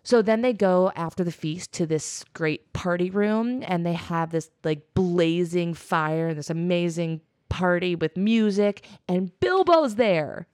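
A woman's voice: lowish voice, measured pace, hardly any pauses, darkish tone, no room sound. A young woman co-hosting a podcast, chatting casually and summarizing a book chapter with teasing, dry sarcasm. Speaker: podcast co-host.

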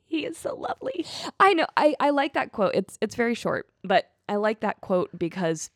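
Young female co-host, lively and profane, casual, dry studio sound. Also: medium pitch, normal speed, no echo. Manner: animated, swearing, laughing. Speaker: podcast co-host. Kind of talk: casual chat.

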